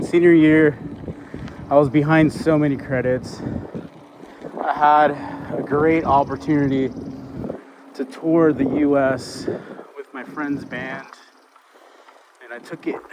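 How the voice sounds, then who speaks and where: A young man chatting casually to the camera while riding his bike outdoors, in a relaxed, rambling way with laid-back slang. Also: fairly high pitch. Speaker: vlogger and bike rider. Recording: wind-buffeted outdoor action-camera audio. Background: wind noise and outdoor ambience.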